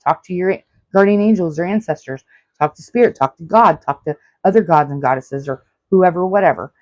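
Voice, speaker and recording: A woman in her forties hosts a solo self-help podcast, her voice fairly low and darkish with no echo. She talks earnestly, giving advice and repeating it.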